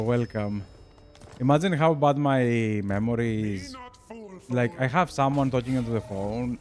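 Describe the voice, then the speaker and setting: His voice is medium in pitch and a touch mellow. A young Greek-accented man from Greece, he chats casually with viewers during a strategy game stream, laughing often and calling the chat "bro."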